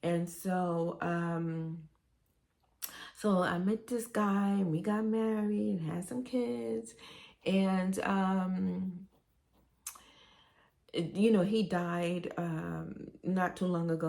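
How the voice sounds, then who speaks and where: A woman's voice: on the low side, creaky, a little mellow. A middle-aged woman, telling rambling, nostalgic stories in a casual vlog. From Brooklyn, New York. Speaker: vlogger.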